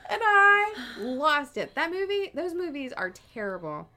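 Podcast co-host, woman, higher voice, rambly and lively, laughs a lot. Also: a little slow, noisy background. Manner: animated, rambling, laughs often. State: mildly sick. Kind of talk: casual chat.

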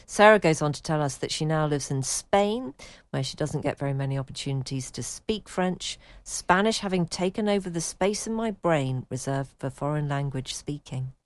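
A woman's voice: low voice, lively intonation, normal speed, hardly any pauses, no echo. A woman hosting a chat podcast and reading out listener emails, with a dry, playful manner. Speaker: podcast host.

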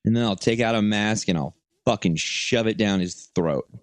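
A man's voice: fairly low pitch, normal speed, no room sound. A man co-hosting a comedy podcast, ranting and joking in boisterous casual chat. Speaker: podcast co-host.

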